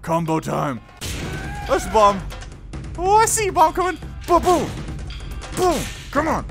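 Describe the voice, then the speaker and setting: An excitable gaming host chats casually through a let's-play, breaking into laughter and exclamations. The voice swoops up and down. Faint game music plays underneath. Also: high voice, a little slow.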